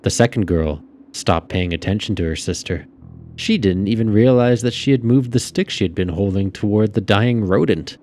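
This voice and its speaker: A man calmly reading a story aloud as narrator. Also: on the low side, normal speed, a little hiss or hum.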